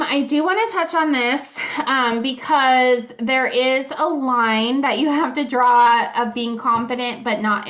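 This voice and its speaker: A woman with a fairly high, fairly bright voice co-hosts a podcast, chatting candidly and casually, swearing freely and giggling now and then. The highs in the audio are cut off.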